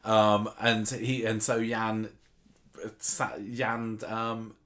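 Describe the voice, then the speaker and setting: A man's voice: on the low side, little pitch movement, takes it slowly, a bit bright. A man in casual podcast chat, thinking aloud and quoting characters as he goes. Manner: musing, with frequent restarts and quoted dialogue. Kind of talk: casual chat about a soap opera.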